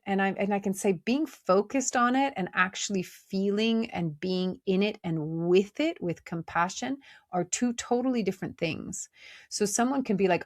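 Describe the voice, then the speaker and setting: A woman hosting a podcast, speaking in a gentle, conversational way with many fillers as she reflects on inner life. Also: medium pitch, normal speed, no echo, clean studio sound. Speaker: podcast host. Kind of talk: reflective spiritual talk.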